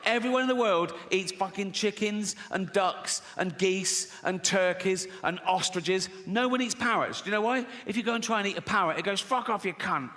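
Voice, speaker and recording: A man's voice: high-pitched, a little hiss or hum. Profane man doing stand-up. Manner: profane, laughs at own jokes. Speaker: stand-up comedian. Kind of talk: live stand-up comedy. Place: large live venue with audience. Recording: loud audience in echoing venue.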